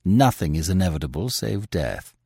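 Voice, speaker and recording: A man voicing a calm masked male avenger who speaks low, measured and quietly menacing. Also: gravelly, slightly rough, no room sound, clean studio sound, exaggerated voice. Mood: calm menace.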